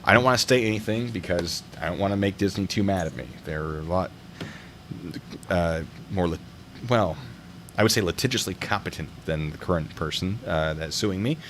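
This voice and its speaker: The host of a traffic stop video review show speaks at a moderate pace in a low voice with a fairly bright tone. He keeps it casual, wandering into humorous tangents, and there's a faint hiss or hum.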